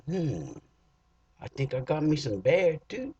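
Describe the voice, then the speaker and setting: A man's voice: a little high, very animated, slow pace, warm tone, husky, voice pushed up, full character voice. A man with a Cajun accent voicing an easygoing older hunting buddy, folksy and offhand, in a dull lo-fi recording.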